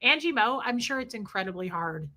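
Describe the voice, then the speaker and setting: A woman, ranting casually to her live stream chat and acting out the people she talks about. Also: fairly high pitch. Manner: animated, acts out people in quick quoted voices.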